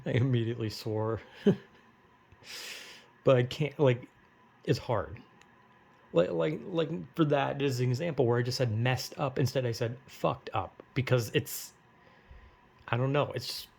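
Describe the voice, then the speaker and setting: A man talks straight to camera in a loose, rambling monologue. His voice has a gravelly, creaky edge at a middling pitch. He piles on filler words and swears offhandedly. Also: darkish tone. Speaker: vlogger. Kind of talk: casual monologue.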